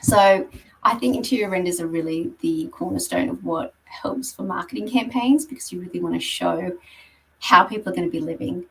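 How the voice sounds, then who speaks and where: A woman's voice: on the low side, fairly quick, gravelly, fairly bright tone, far from the mic, poor audio. A woman giving a conversational presentation on property marketing, explaining slides with frequent ums. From Australia. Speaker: guest speaker on property marketing.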